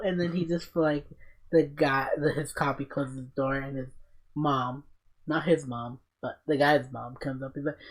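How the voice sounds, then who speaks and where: A man hosting a casual podcast, telling stories in an excited, profane, rambling way. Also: medium pitch. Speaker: podcast host.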